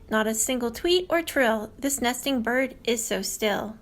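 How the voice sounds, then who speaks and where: A woman's voice: on the high side, lively intonation, unhurried. A woman reading a picture book aloud for a library story time, imitating bird calls as she goes.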